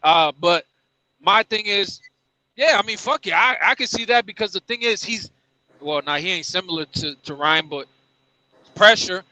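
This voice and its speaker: Sharp-voiced man stammering through his points. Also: sits high, moderate pace, no echo, rough recording. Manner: stammering, repeats words, animated. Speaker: panelist. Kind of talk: casual panel talk.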